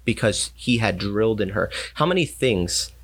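Male pastor, low voice, chatty storyteller. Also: animated, normal speed. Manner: storytelling, acts out quoted voices. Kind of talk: casual faith talk.

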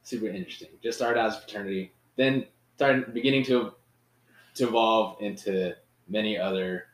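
Man, low voice, hesitant, halting phrases, echoey room. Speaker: podcast co-host. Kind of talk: casual chat. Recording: roomy echo.

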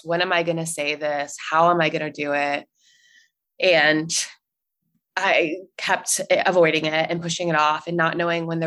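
A woman's voice: lowish voice, fairly bright tone. Chatty young woman telling a story. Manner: chatty, lots of likes and ums, laughs easily. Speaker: podcast guest. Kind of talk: casual storytelling.

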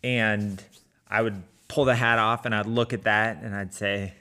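Casting: middle-aged man, casual storyteller, halting delivery with lots of fillers. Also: lowish voice, fairly even intonation, pushed and bright. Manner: conversational with frequent fillers and restarts. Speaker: runner telling a personal story.

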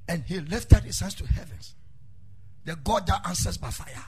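A male pastor preaching a sermon, dropping low and then rising into sung, shouted lines. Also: normal speed, husky. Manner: swings from murmuring to sung shouts. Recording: faint music behind.

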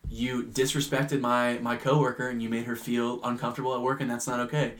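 A man's voice: mid-range voice, a little fast. A young man on a podcast tells a bar story in loose, casual chat. He swears a lot and slips into the voices of the people he quotes. He stays in a middle register. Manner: animated, swears freely, acts out quoted people. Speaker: podcast co-host.

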